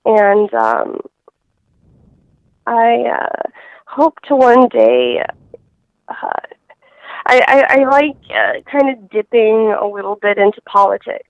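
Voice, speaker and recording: A woman guest talks slowly in a casual interview, stopping and restarting often. Her voice sits a little high and comes through a dull, dry phone line. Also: expressive, clear, resonant tone, no echo. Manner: halting, many fillers and restarts.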